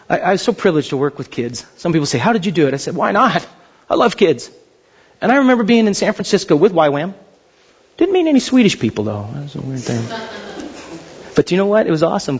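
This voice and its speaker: A man preaching a sermon, telling stories animatedly and acting out what people say, with a husky voice. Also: fairly high pitch, highs cut off. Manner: animated storytelling, acting out quotes.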